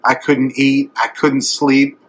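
Middle-aged evangelist, husky bright voice, tender and emotional preaching. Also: male voice, medium pitch, level tone, takes it slowly, poor audio. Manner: emotional, tender, swelling to emphatic. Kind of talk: sermon.

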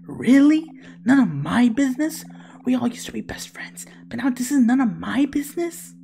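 A woman's voice: sits high, expressive, normal speed, creaky, warm tone, slight background noise, pitched above the performer's own voice. A woman reading game dialogue aloud, voicing an earnest, outspoken teenage boy in an indignant, pleading way.

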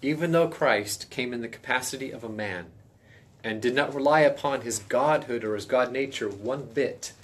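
A man teaching a casual Bible study in a folksy, emphatic way, now and then stressing phrases loudly. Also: mid-range voice.

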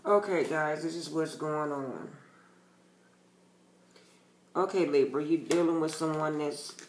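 A man's voice: a little high, slow pace, reverberant, a little hiss or hum. A man giving a casual tarot reading to his channel's viewers, talking bluntly and emphatically and swearing freely. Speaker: tarot reader.

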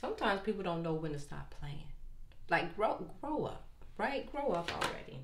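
A woman's voice: lowish voice, big pitch swings, normal speed. Older woman reading tarot, playful and chatty. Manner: playful, chatty, sing-song asides. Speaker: tarot reader. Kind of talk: casual tarot reading to viewers. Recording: echoey room with faint noise.

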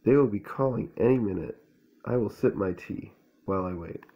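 A man's voice: lowish voice, moderate pace, dull audio, natural voice. A man reading the lines of an eager, anxious young porcupine in a storybook. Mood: fretful.

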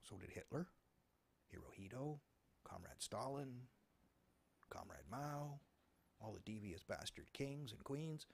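Ranting man, gravelly voice. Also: medium pitch, measured pace, long pauses, a little hiss or hum. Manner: animated, sarcastic, profane ranting. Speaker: talk show host. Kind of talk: ranting commentary.

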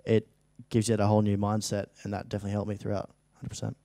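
Racing along in a warm, low-ish monotone, a young Australian actor in his late teens talks casually as a studio interview guest. His speech rambles, full of restarts and fillers.

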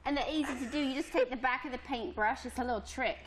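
A woman with a somewhat high voice explains how a children's tea-party painting class works, in a playful, show-and-tell manner. She is interviewed live inside a pottery studio on a field microphone. A faint background noise runs underneath. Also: quick pace. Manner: playful, demonstrating to children, puts on a posh accent at times.

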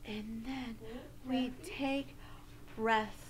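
A woman teaching a social-emotional lesson to young children in a slow, sing-song, exaggerated teacher voice. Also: a little high, fairly even intonation, crowd noise.

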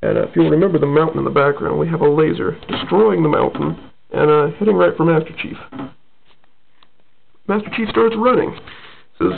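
A man's voice: fairly high pitch, a little fast, vocal fry, long pauses, a little hiss or hum. A man casually reading his own comic aloud, with rambling asides. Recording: tinny lo-fi phone-like sound.

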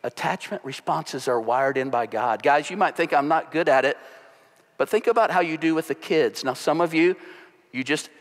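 Man, pastor, sermon, fairly high voice, lively storyteller, long hall echo. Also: normal speed. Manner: storytelling, animated.

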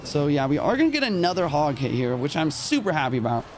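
A young man streaming a mobile game, calling out each move in quick play-by-play while a little short on sleep. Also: fairly high pitch, sing-song, faint music behind. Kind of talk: live gameplay commentary.

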